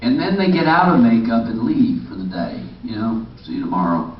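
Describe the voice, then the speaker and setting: A middle-aged man shares casual, rambling anecdotes on a convention panel at normal speed, frequently starting sentences over; his mid-range voice swings widely in pitch. Recorded far off in a big, echoey hall, the sound is very noisy, dull and muffled.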